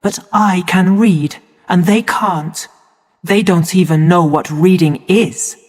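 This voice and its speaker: A man's voice: high voice, fairly even intonation, takes it slowly, pitched above the performer's own voice. Frightened lonely boy, pleading, voiced by a male reader; long reverb on the recording. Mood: defiant.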